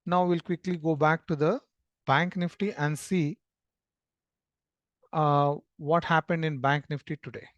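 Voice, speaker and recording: A man's voice: fairly high pitch, steady tone, a little slow, long pauses, fairly bright tone, dry recording, highs cut off. Man teaching chart analysis, dry. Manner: explanatory, with frequent fillers and restarts. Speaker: trading educator. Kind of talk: screen-share market analysis lesson.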